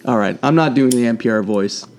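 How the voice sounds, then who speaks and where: A man's voice: medium pitch, brisk, a little mellow, slight background noise. Joking male podcast host. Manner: joking, loose, swears casually. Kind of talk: casual chat.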